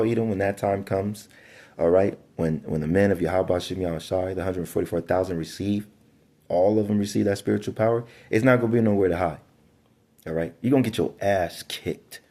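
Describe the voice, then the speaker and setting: A man's voice: low voice, warm tone. A man giving a casual Bible teaching, reading scripture aloud in an emphatic way with slangy asides and frequent stumbles over words. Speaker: preacher.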